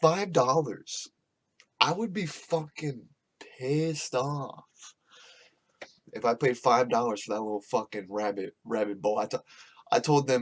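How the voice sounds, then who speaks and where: A man's voice: mid-range voice, slow pace, pauses often, pushed and bright. Profane, rambling male podcast host. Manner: profane, rambling, laughs often. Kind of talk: casual rambling monologue. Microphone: podcast microphone.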